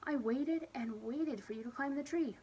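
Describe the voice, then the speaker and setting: A woman's voice: sits high, moderate pace, a little mellow, slight background noise, pitched above the performer's own voice, lightly acted. A woman voicing an upset young child who names their feelings, with slightly raised, childlike emphasis.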